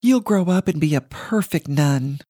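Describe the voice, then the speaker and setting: A woman's voice: low voice, animated, measured pace, mellow, no echo, clean studio sound. A woman doing a beaming, sugary nun. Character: beaming, pious older nun.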